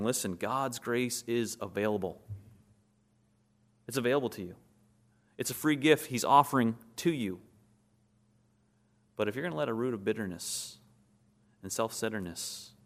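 A man preaching a sermon, who asks his listeners questions, answers them himself and acts out short scenes in quoted voices. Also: lowish voice.

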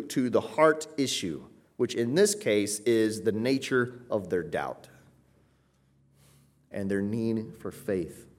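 A male pastor delivering a sermon in a church, talking with his congregation in a conversational style. He leans hard on key words for emphasis and keeps checking in with quick rhetorical asides. His voice sits at an ordinary, mid-range pitch.

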